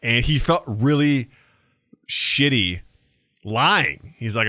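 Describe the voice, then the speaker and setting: A man's voice: medium pitch, slow, bright, forceful tone, dry recording, studio quality. A man co-hosting a podcast, rambling and joking in casual chat with some swearing. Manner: rambling, profane, jokey. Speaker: podcast co-host.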